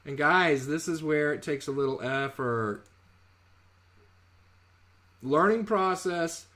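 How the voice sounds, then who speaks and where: A man with a voice pitched a little above the usual male range teaches trading in a relaxed live-webinar tone. He is chatty and jokey, tripping over words and fixing them as he goes. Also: slow pace. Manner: chatty, jokey, corrects himself mid-word. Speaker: trading educator.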